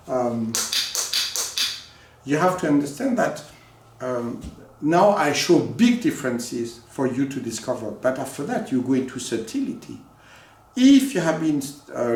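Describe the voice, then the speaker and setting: A man giving a live demonstration lesson as a teacher, animated and coaxing, in a room at home. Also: mid-range voice, slight background noise. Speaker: echolocation teacher. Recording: very echoey room, far from mic.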